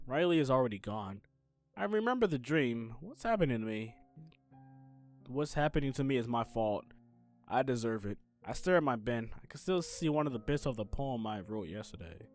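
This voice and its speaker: A man's voice: mid-range voice, a little mellow, natural voice. A man reading the inner thoughts of a sad, anxious teenage schoolgirl from a game, in the first person, in his own everyday voice. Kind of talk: game text read aloud.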